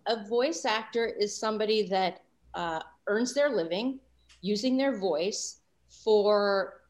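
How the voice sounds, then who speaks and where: A woman of sixty from Los Angeles, a guest voice actor talking about her career in an animated, enthusiastic way with frequent fillers. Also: mid-range voice. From Los Angeles, USA. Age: 60s. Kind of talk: casual interview chat.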